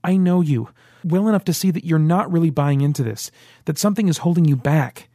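A man reading an audiobook, voicing a young woman who argues, then pleads in fear, in a raised emotional pitch. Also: brisk, mellow, no echo, clean studio sound. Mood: urgent.

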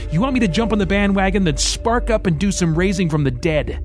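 A man's voice: sits high, lively intonation, fairly quick, a little mellow, soft background music, pitched above the performer's own voice. A man voicing a defiant adult male rebel in an audiobook, blunt and heated. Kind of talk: audiobook character voice.

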